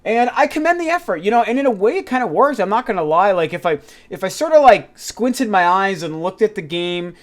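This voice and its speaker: A man hosting a casual gaming news video, sharing candid and excitable opinions with frequent fillers and some swearing. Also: sits high, brisk, hardly any pauses.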